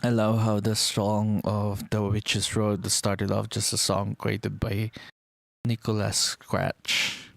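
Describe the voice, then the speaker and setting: A man's voice: lowish voice, monotone, takes it slowly, creaky, dry recording. A young man rambling in casual chat, enthusiastic and swearing casually as he talks about a TV series. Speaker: vlogger.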